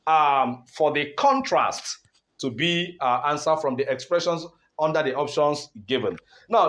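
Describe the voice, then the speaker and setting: A man giving an online English lesson in a high, very animated voice. He hammers on key words, repeats points and checks in with his learners as he explains. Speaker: English teacher.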